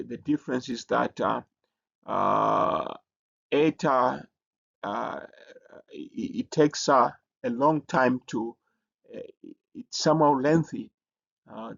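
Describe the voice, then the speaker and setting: Teacher, male, gravelly voice, halting explainer with frequent restarts, muffled lo-fi recording. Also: medium pitch. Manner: halting, many fillers and restarts. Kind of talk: recorded lesson presentation. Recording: dull lo-fi recording.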